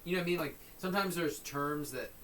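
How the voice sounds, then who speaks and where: A man's voice: a little high, fast talker, a bit bright. A man co-hosting a podcast in casual chat, laughing and riffing along playfully. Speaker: podcast co-host. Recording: distant mic with faint hiss.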